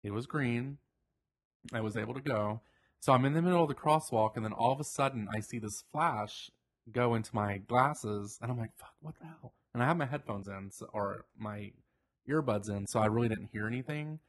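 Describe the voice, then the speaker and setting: A man co-hosting a podcast, chatting casually and telling a story with lively acted-out quotes. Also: mid-range voice, a little fast. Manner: animated storyteller, acts out quoted voices. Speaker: podcast co-host. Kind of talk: casual chat.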